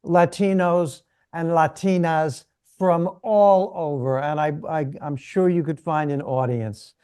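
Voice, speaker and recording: A man's voice: a little high, steady tone, slow pace, a little mellow, clean tone. A man hosting a podcast, speaking in a sincere, encouraging way to his guest. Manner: encouraging, sincere sign-offs. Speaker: podcast host. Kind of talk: podcast interview.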